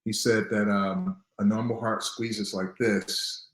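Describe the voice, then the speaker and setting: A man in his thirties with a fairly low voice tells his personal story earnestly, and he turns defiant when he recalls fighting back. He comes from Newark. The room around him rings with a noticeable echo. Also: flat delivery, slow pace. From Newark, New Jersey. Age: 30s. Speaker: guest.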